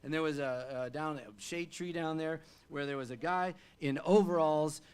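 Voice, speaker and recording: Male folk singer, animated on-stage storyteller, slightly high voice, chatty. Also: normal speed, clear, resonant tone. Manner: animated, chatty, frequent fillers and restarts. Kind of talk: live stage storytelling between songs. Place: live music venue.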